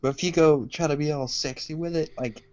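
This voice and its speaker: A man's voice: on the high side, fairly even intonation, brisk, darkish tone, dull audio. A man from the American South with a Southern accent, laughing and joking in casual chat as a podcast co-host.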